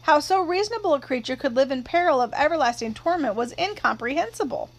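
A woman narrating an audiobook in a steady storytelling manner. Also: high-pitched, fast talker, few pauses, rough recording.

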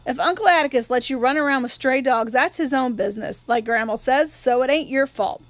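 A woman's voice: sits high, brisk, no room sound, lightly acted. A woman voicing a spiteful young boy cousin who jeers and tattles, reading a storybook scene. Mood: jeering. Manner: jeering, tattling.

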